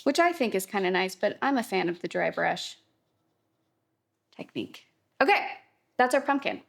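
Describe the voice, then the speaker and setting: A woman's voice: medium pitch, lively intonation, normal speed, creaky. A young adult woman teaching a casual watercolor painting tutorial, chatty and reassuring. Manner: chatty, upbeat, reassuring, lots of fillers like "kinda".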